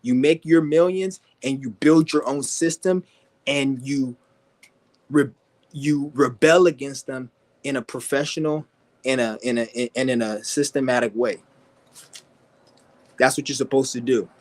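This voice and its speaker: A man's voice: fairly even intonation, unhurried, pauses often, a little mellow. Fired-up man ranting and swearing. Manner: aggressive, mocking, swears constantly; mimics people in high whiny voices. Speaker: vlogger. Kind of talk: profane ranting monologue.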